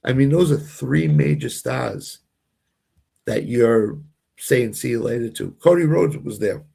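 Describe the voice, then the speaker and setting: A man with a Boston accent co-hosts a casual sports watch-along, opinionated and often repeating and restarting his phrases. His mid-range voice is gravelly, warm and husky, with a measured pace.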